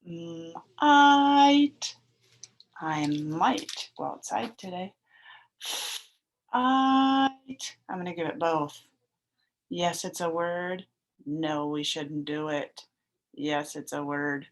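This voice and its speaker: Slow-spoken teacher sounding out phonics. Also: female voice, sits low. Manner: slow, over-enunciated sounding out of letters. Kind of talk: phonics lesson for young children.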